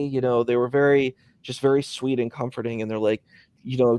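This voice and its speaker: A man speaking in an easy, rambling way, leaning on fillers as he tells a story. His voice sits at an ordinary pitch. The sound is dry and close. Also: fairly even intonation, normal speed, dark tone, clear, resonant tone, dry recording. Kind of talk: casual conversation. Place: hospital.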